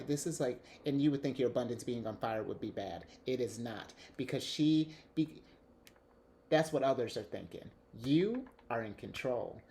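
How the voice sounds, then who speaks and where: A man giving a casual tarot reading, excitable and rambling, often restarting his sentences and laughing. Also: fairly high pitch, slight background noise. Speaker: tarot reader.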